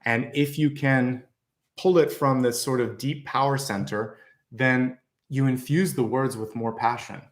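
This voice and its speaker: A man's voice: mid-range voice, steady tone, unhurried. Confident man giving a tarot reading. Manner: confident, encouraging, conversational with fillers. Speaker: tarot reader.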